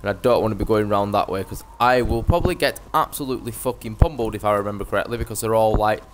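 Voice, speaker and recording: A man's voice: on the low side, fast talker, a little hiss or hum. A young man giving brash, sweary live commentary as he streams a game.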